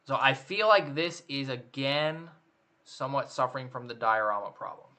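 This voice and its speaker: A man with a bright, forward voice chats casually while judging contest photos. He thinks aloud, often hesitating and restarting his sentences. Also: mid-range voice, moderate pace. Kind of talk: casual chat.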